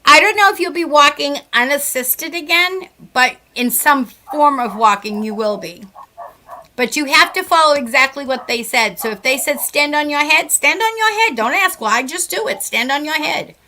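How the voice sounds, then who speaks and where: This middle-aged Massachusetts woman, a psychic medium, has a high-pitched, animated voice at normal speed. She does readings during casual radio chat, telling chatty, warm stories sprinkled with "like."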